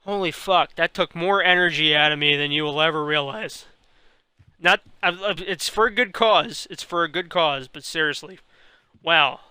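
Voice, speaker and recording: A man's voice: fairly high pitch, bright, forceful tone, clean tone, dry recording. A young man commenting on his game while tipsy, rambling and swearing freely. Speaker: gamer streaming a playthrough. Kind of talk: casual let's-play commentary.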